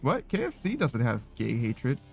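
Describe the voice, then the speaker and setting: A man's voice: medium pitch, sing-song, moderate pace, gravelly. A man streaming a game, chatting casually and laughing often while reading out chat messages. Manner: laid-back, rambling, laughs often.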